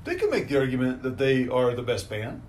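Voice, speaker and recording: A middle-aged man with a plain mid-range voice, chatting casually and cracking profane jokes. A faint hiss of room noise sits behind him. He tosses off quick asides between his points. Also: medium pitch, huge pitch swings, darkish tone. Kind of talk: casual chat.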